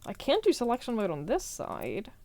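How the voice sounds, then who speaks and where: A woman streaming a murder mystery game live, thinking out loud and sometimes muttering half-whispered asides. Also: a little high, huge pitch swings, normal speed, dry recording.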